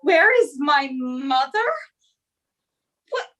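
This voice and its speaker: A woman's voice: high-pitched, expressive, drawn-out words, fairly bright tone, exaggerated voice. A woman playing an impatient young girl in love who pleads for news, in a stage reading of a classic play.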